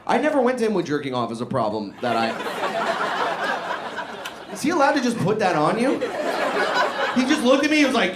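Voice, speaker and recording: Man, stand-up comic, higher voice with a lively swinging delivery, profane and self-mocking; live room with echo and crowd noise. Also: a little fast, pauses often. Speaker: stand-up comedian. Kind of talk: stand-up set. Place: live comedy show in a barbershop. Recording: echoey room with loud audience.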